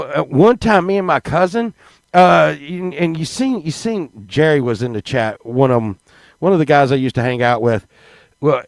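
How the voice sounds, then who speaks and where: A man's voice: a little high, dry recording. A man, telling stories in a rambling, casual way to a live chat, restarting words and swearing freely.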